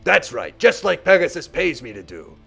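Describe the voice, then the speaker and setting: Mean bully duelist done by a man, gloating and taunting, bouncy pitch. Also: big pitch swings, moderate pace, vocal fry, fairly bright tone, husky, faint music behind, full character voice. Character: mean hulking male tournament bully.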